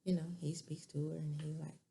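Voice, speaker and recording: Low gravelly woman recapping a show. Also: little pitch movement, dark tone. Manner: chatty, retells scenes with quick asides and laughs. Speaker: TV episode reviewer. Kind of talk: casual recap commentary.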